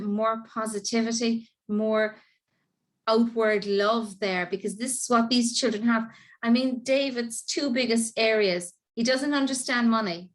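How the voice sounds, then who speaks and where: Earnest Irish woman telling her story. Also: on the high side. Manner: earnest, emotional, acts out quoted dialogue. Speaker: interview guest, parent carer. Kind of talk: personal storytelling in conversation.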